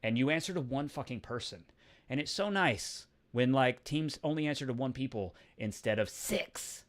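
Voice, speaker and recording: A man's voice: medium pitch, lively intonation, normal speed. A man on a live stream Q&A, ranting heatedly with lots of swearing and repeated restarts. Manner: heated, profane, repeats himself and restarts often. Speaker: streamer answering live chat questions.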